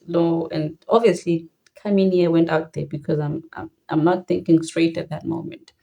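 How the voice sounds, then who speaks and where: A woman's voice: lowish voice, moderate pace, darkish tone. A young woman with a South African Xhosa accent telling a personal story in a reflective way, switching between languages mid-sentence.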